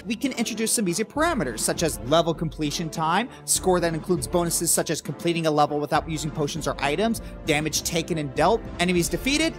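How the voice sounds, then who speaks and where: A man's voice: fairly high pitch, fast, hardly any pauses, music in the background. A man giving sarcastic, comedic commentary on video games. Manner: sarcastic, animated.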